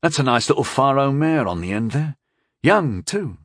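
A man's voice: medium pitch, sing-song, moderate pace, a bit bright, no room sound, studio quality, pitched above the performer's own voice. A man voicing a blunt, eager young male squire with a crude, scheming manner.

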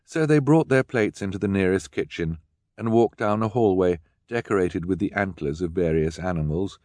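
A man's voice: low voice, normal speed, a little mellow, no room sound. A man narrating an audiobook with a dry, wry storytelling manner. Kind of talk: scripted narration.

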